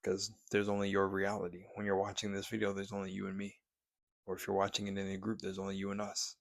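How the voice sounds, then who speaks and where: A man's voice: low voice, completely flat delivery, fast, gravelly, no room sound, studio quality. A young man talking casually and preachily to camera, swearing freely as he encourages his viewers. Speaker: spiritual vlogger. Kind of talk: casual motivational monologue.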